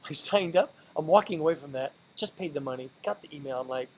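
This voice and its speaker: A man in a motivational vlog, speaking earnestly and often repeating or restarting words. His voice sits a little higher than most men's. A faint hiss of noise sits under the recording. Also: fast, few pauses, low-quality recording. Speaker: vlogger. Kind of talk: motivational monologue.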